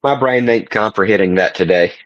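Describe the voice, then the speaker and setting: Soft-spoken Southern man, dry mic. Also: fairly low pitch, a little fast, dry recording, highs cut off. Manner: soft-spoken, laid-back drawl. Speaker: podcast co-host. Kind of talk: casual chat.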